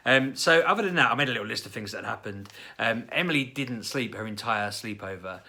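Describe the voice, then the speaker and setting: A man in his thirties telling a family story in a casual vlog, jumping into high, animated voices when he quotes people. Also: fairly quick, gravelly. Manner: chatty, acts out quoted lines with sudden high-pitched voices. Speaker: parent vlogger.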